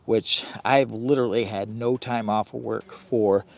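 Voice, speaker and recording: A man's voice: on the low side, steady tone, unhurried, vocal fry, no echo. A man hosting a casual outdoor live stream from his campsite, chatting directly with viewers. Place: outdoors by a hot tent, windy campsite.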